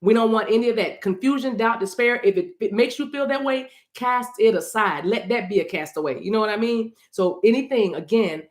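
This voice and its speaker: A woman's voice: a little high, a little fast, few pauses, echoey room. A woman doing a casual livestream card reading, chatting with her audience and reading messages aloud. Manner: chatty, sings snippets, addresses chat directly. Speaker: spiritual reader.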